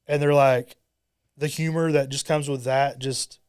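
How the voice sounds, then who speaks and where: A man's voice: mid-range voice, steady tone, measured pace, a little mellow, smooth. A man chatting on a podcast, telling a long anecdote and acting out what people said to him in different voices. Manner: storyteller acting out quoted dialogue. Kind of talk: casual podcast chat. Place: podcast studio.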